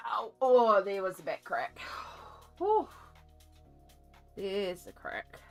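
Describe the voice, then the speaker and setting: This art streamer, a woman in her thirties with an Australian accent, has a mid-range, gravelly voice with big pitch swings. She takes it slowly, with long pauses, over soft background music, chatting, laughing, and mimicking sarcastic adults while she colours.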